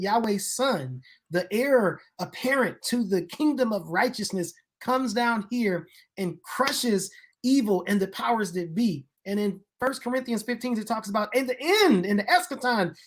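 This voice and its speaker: A woman in casual conversation, explaining the Bible in an animated way and building her points to emphatic peaks. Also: fairly high pitch. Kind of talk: casual discussion of Bible history.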